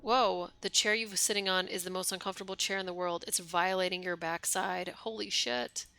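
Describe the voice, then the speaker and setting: Bright-voiced woman streamer reading game text. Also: fairly low pitch, fairly even intonation, moderate pace. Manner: reads narration aloud then reacts in casual asides. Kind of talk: reading game text aloud while playing. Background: game music.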